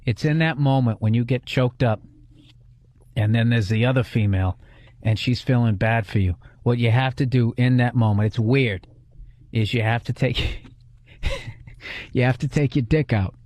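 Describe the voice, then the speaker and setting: A man's voice: mid-range voice, moderate pace, pauses often, darkish tone, no echo. A man hosting a comedy podcast in casual chat, telling crude, rambling stories full of restarts.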